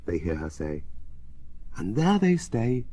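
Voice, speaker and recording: A man reading a children's story aloud in a very expressive, sing-song way. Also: lowish voice, slow pace, husky, no room sound. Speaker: reader.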